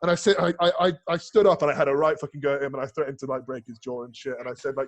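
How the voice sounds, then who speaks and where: A man's voice: medium pitch, racing. A man, a bodybuilding coach as a podcast guest, talking casually in rambling, profane stories full of restarts and fillers. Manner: animated storyteller.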